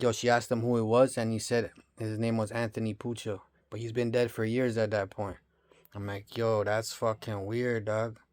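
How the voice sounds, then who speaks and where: Casting: male, thirties, casual street-slang storyteller, flat even pitch, dry recording. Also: clean tone, dry recording. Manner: slangy, profane, rambling street talk. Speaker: vlogger.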